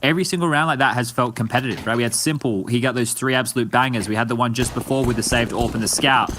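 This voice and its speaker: A man breaks down an esports match in relaxed color commentary. He sounds analytical and conversational and slips in the odd joke. A steady noise sits under the stream audio. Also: mid-range voice, fast talker. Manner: chatty, analytical, joking.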